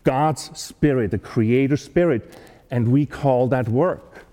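A man giving a talk, telling a personal story in an earnest, animated way with frequent restarts. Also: mid-range voice, slow, in a large hall. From not American-born.

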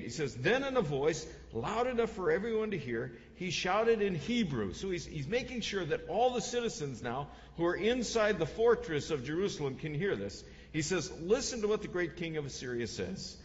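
A man preaching a sermon with lively delivery, often repeating words and acting out the lines he quotes. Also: a little high, slight background noise. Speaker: pastor. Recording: muffled audio, long hall reverb.

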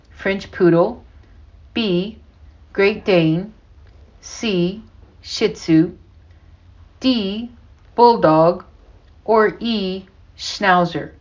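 A woman narrating a humorous story in a measured, plain manner, on a dull lo-fi recording. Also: medium pitch.

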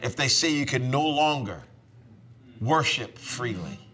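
A man preaching a sermon with passion, his voice rising to shouts at its peaks. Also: medium pitch, expressive, a little slow. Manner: impassioned, building to shouts. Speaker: pastor. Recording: crowd audible behind.

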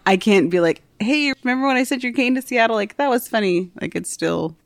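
A young woman working as an airport gate agent, telling stories in casual chat, animated and full of "like", acting out what people said. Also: a little high, fairly quick, no room sound. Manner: animated, fillers of "like", acts out quotes.

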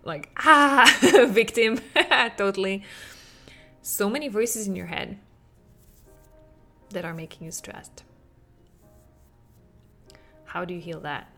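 Gravelly-voiced woman podcast host. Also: medium pitch, takes it slowly, long pauses, soft background music. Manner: animated, acts out quotes with laughs. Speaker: podcast host, parenting coach. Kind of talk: podcast monologue.

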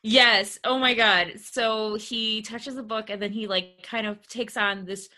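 A woman co-hosting a podcast in casual chat, laughing often and chiming in with quick agreement. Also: on the high side, fairly even intonation, sharp tone. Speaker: podcast co-host.

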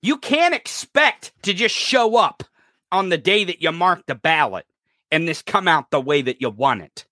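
Furious podcast host, male, profane shouting rant, bright edgy voice. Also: sits high, no room sound, clean studio sound. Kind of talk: political rant.

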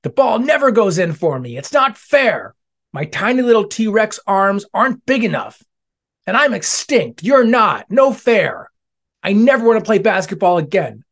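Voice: mid-range voice, lively intonation, a little slow, creaky, slightly rough, heavily acted. A reader voicing a young T-Rex who gets frustrated easily, in a storybook read-aloud with a childlike manner. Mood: upset. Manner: childlike, whiny when upset.

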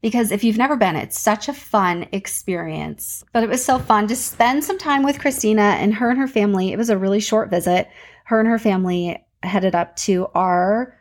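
This podcast host, a woman in her thirties, tells stories from her week in a casual, chatty manner and at a moderate pace. Her animated voice springs higher in pitch whenever excitement takes over.

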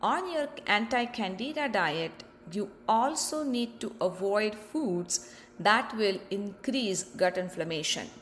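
A female host guides listeners through a health topic in a scripted, explanatory style, frequently addressing them with rhetorical questions. She speaks slowly and evenly at a normal mid-range pitch. Faint background hiss sits under her voice.

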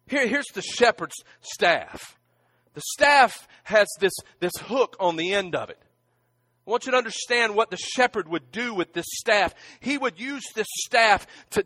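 A man with a high voice preaches a sermon. His delivery is emphatic, with frequent restarts and stammers. The sound is dry and close, with little room echo. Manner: drops to a hushed, near-whispered voice at emotional moments. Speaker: pastor.

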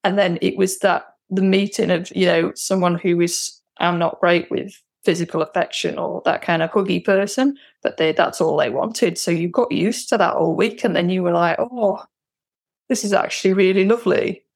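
A woman's voice: on the low side, steady tone, normal speed, creaky, hardly any pauses, no echo. A woman, a guest talking candidly and reflectively about her experience, with hesitant restarts. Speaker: guest, client. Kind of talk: personal conversation.

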